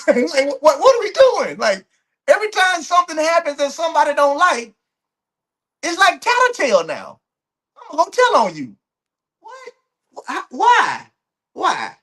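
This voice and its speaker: A male host of a track and field commentary show, speaking in a high voice. He rants bluntly at his audience, tumbling through restarts and repeated words with a lively, swooping delivery. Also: moderate pace. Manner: heated, blunt, repeats words and restarts often, laughs between points. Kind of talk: ranting commentary to camera.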